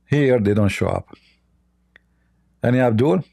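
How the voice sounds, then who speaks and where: A man hosting a live debate stream, talking in a mocking, sarcastic, halting way. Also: mid-range voice, gravelly, dark tone, no room sound. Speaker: Christian apologist livestream host.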